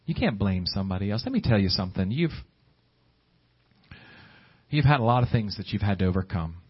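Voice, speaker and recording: A man preaching a sermon, swinging between high pleading exclamations and low hushed asides. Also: big pitch swings, a little fast, slightly rough. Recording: dull lo-fi recording.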